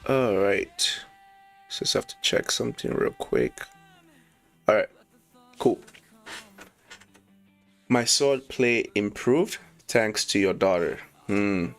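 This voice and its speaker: A man casually reviewing a manga chapter, reading lines aloud, excited and slangy, laughing often. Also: lowish voice, slow pace, pauses often, faint music behind. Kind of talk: casual read-along commentary.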